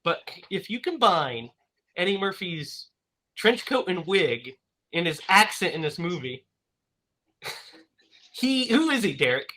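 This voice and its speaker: A man hosting a casual movie podcast over a video call, talking in a lively way and laughing often. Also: high-pitched, takes it slowly, long pauses. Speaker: podcast host. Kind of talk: casual chat.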